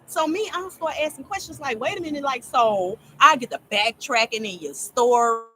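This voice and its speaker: A woman casually telling a long story to her viewers, rambling and animated, often laughing as she talks. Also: on the high side, moderate pace, a little hiss or hum, low-quality recording. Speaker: storyteller vlogger.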